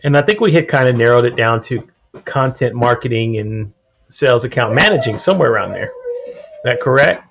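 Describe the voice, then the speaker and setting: A man hosting a casual podcast interview, rambling and halting as he asks questions. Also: mid-range voice, expressive, creaky, fairly bright tone, slight background noise. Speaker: podcast host. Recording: dull lo-fi stream audio.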